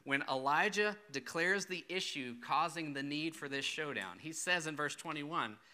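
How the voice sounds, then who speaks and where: A man's voice: fairly high pitch, normal speed, bright, forceful tone. A man preaching a sermon and reading scripture aloud, in a conversational way that puts rhetorical questions to the listeners.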